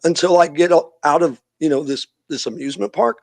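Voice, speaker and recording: A middle-aged man with a somewhat high, husky voice tells a story in a casual interview, acting out the people he quotes. He speaks as a youth minister and podcast guest. The recording is close and dry. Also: a little fast, dry recording.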